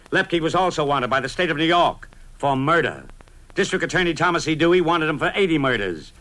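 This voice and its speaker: A middle-aged man tells a first-person story in the punchy style of a vintage radio columnist. His voice sits a little higher than most men's, and his delivery stays brisk and dramatic. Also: a bit bright.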